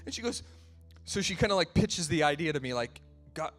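A man's voice: a little high, lively intonation, a little fast, a bit bright, soft background music. A male pastor preaching a sermon in a conversational storytelling way, laughing at himself as he tells family stories.

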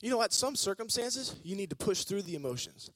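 A male preacher giving an energetic, joking sermon and calling on the congregation to respond. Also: high voice, brisk, no room sound. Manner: energetic, joking, calls on the audience.

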